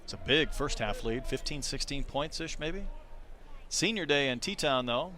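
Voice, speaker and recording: A man doing live play-by-play baseball commentary, calling pitches and chatting between them. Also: animated, unhurried, sharp tone, slight background noise. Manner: conversational, calls pitches between chatty stories. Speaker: play-by-play announcer.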